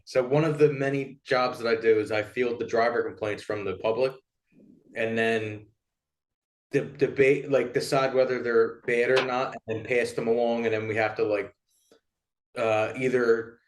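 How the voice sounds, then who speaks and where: A man's voice: mid-range voice, roomy sound, slight background noise. A man co-hosting a podcast who tells stories in a rambling way, with lots of fillers and swearing. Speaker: podcast co-host. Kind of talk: casual chat, storytelling.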